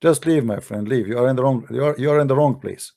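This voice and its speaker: Fast and mellow, with a mid-range voice, a man with an Arabic accent hosts polemical commentary. In broken English with non-native grammar, he combatively tells off his critics.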